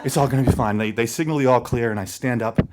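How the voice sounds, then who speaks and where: A man telling a personal story live to an audience, animated, laughing as he talks and leaning on casual fillers. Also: mid-range voice, quick pace.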